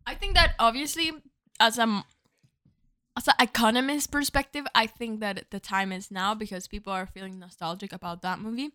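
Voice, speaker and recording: A woman co-hosting a casual podcast with a bright, clear voice. She talks in a playful, loose way, laughing often and wandering through long anecdotes. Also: on the high side, moderate pace. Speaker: podcast co-host.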